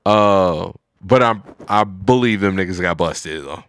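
A man's voice: low-pitched, unhurried, a bit bright, clean tone, no room sound, studio quality. A man chatting casually, rambling through a story with lots of filler words. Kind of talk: casual chat.

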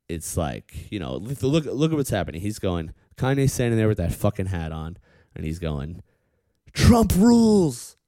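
A man's voice: on the low side, dry recording. A man delivering a profane comedic rant, often stopping with a pointed "okay?". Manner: animated, profane, heckles the audience with repeated "okay?".

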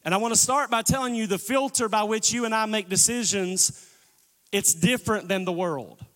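High-voiced preacher in a reverberant church. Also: male voice, normal speed, fairly bright tone. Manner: preaching, calls for congregation response. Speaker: pastor. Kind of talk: sermon. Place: church sanctuary.

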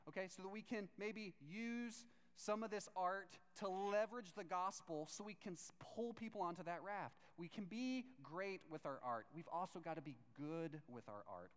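A young male pastor preaches in a loose, conversational way, acting out the people in his stories and checking in with the room. His voice is a touch high and smooth, and it rings out with a long reverb, as if in a large hall. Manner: storytelling with quoted voices, frequent "right?" tag questions. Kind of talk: sermon.

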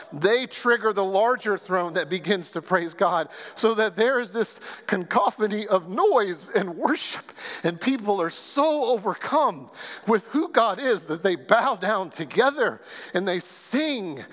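A man with a fairly high voice delivers an earnest sermon, stacking phrase upon phrase with deliberate emphasis. His words ring out with a long reverb, as if spoken in a large church sanctuary. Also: fairly bright tone. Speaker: pastor.

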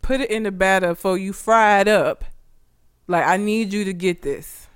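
A woman's voice: mid-range voice, moderate pace, clean tone. A woman co-hosting a podcast in casual banter, teasing and laughing often, swearing freely. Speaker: podcast co-host.

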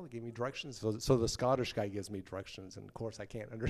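A man's voice: lowish voice, quick pace, few pauses. A man, a former touring band member, telling casual stories and acting out the people he quotes. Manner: animated anecdotes, acting out quoted voices. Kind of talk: casual storytelling.

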